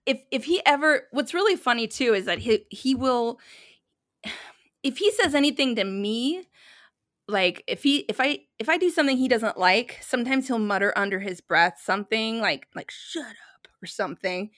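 A talkative woman in her thirties co-hosts a casual chat, full of laughs and quick asides. Her voice sits a little high, and the recording is close and dry. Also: animated, a bit bright, dry recording. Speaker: podcast co-host.

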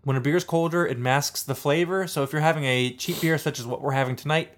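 A man's voice: on the high side, fast. Laid-back joking man from Pittsburgh. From Pittsburgh, USA. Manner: jokey, laughs often, relaxed banter. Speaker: podcast co-host. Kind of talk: casual chat.

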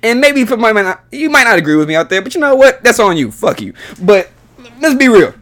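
Exasperated guy, podcast rant, cusses a ton, voice pretty high and all over the place. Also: big pitch swings, fast talker, a bit bright. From United States. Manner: profane, exasperated, voice jumps up when heated. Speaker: podcast host.

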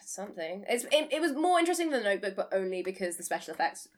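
A woman's voice: mid-range voice, big pitch swings, rapid-fire. A woman co-hosting a casual podcast chat, chatty and swearing freely. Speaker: podcast co-host.

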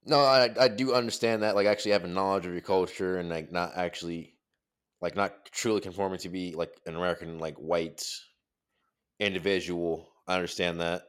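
A man's voice: low-pitched, steady tone, brisk, smooth. A young man co-hosting a casual podcast chat, teasing and meandering, with lots of filler words.

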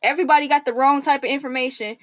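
A woman guest on a faith-based podcast, talking earnestly in an animated, preacherly way. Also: sits high, very fast, highs cut off.

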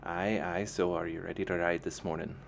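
A man's voice: sits low, little pitch movement, a little fast, vocal fry, slight background noise. A man reading a novel aloud, voicing an easygoing, confident young man who speaks in a casual, matter-of-fact way.

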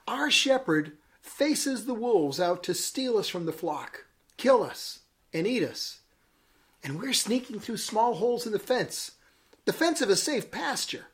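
Bishop guy, kinda high voice, dramatic devotional storytelling, laughs at his own jokes. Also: a bit bright. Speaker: bishop giving a daily devotional message.

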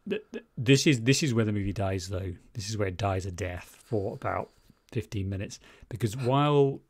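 A man's voice: fairly low pitch, lively intonation, normal speed, a little mellow, breathy edge, dry recording. A man co-hosting a casual film podcast, wry and teasing, with plenty of swearing. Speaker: podcast co-host. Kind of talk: casual film-review chat.

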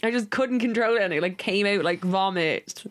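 A woman co-hosting a podcast, telling stories in a casual, animated way and swearing freely. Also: mid-range voice, moderate pace. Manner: animated storytelling, swears freely, acts out her inner voice. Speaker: podcast co-host. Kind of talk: casual chat.

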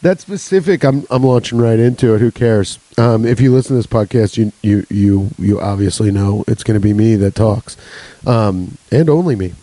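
A man's voice: fairly low pitch, moderate pace, mellow, dry recording, rough recording. A young adult man hosting a solo comedy podcast, rambling and swearing with laughs between jokes. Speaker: podcast host.

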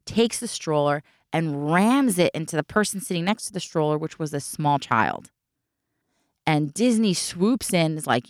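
Woman storyteller, low smooth voice, dry close sound, animated anecdotes. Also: moderate pace, no room sound. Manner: animated, acts out quotes, swears. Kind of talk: casual storytelling chat.

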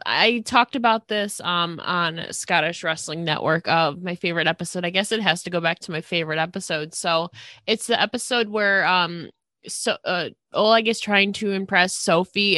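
A woman's voice: lowish voice, bright, forceful tone, no room sound, studio quality. A woman hosting a podcast, chatting casually and easily with many "like" fillers. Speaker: podcast host.

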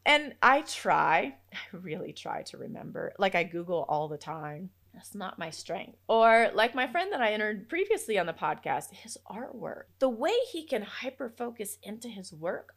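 Lively chatty woman podcaster. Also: medium pitch, normal speed. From Africa. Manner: lively, chatty, laughs often, quotes herself. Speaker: podcast host. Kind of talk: casual solo podcast talk.

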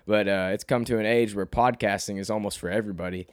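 A man's voice: fast talker, no room sound, studio quality. A young man from Arkansas with a slight Southern twang, hosting his own podcast in a rambling, self-deprecating monologue. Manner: rambling, self-deprecating, restarts often, rises in pitch when animated. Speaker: podcast host and rapper.

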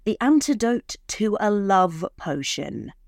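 A woman's voice: medium pitch, very animated, slow pace, creaky, a little mellow, no echo, studio quality, voice pushed up, exaggerated voice. A woman voicing a curt, contemptuous young man in a story reading. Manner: curt and dismissive.

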